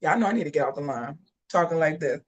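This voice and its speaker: Heard through a distant mic with lo-fi sound, a low-voiced woman talks fast as host of a live commentary show. She's sassy and animated, reading the livestream chat and firing back at it.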